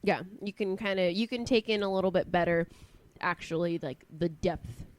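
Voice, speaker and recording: A woman's voice: on the low side, moderate pace. A woman co-hosting a podcast, chatting casually and swearing as she tells stories. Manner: chatty, profane, apologetic storyteller. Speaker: podcast co-host. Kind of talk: casual chat.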